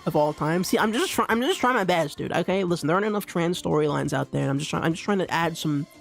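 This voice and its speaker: A man's voice: on the high side, fast, gravelly, soft background music. A young man streaming live, rambling casually and stammering through many restarts and repeats.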